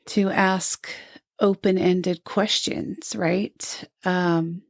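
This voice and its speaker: Older woman, retired nurse, earnest storyteller, low-ish voice, flat delivery. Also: drawn-out words, creaky, no room sound, studio quality. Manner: earnest, storytelling, mimics moms she quotes. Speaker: guest, retired NICU nurse and lactation counselor. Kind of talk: conversational podcast interview.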